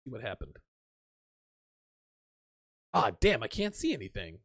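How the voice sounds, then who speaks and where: A man's voice: medium pitch, huge pitch swings, measured pace, vocal fry, a bit bright, slightly rough, no echo, studio quality. A man hosting a livestream show, talking casually in a crude, profane, blunt way as he reads viewer comments aloud and reacts to them. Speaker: podcast host.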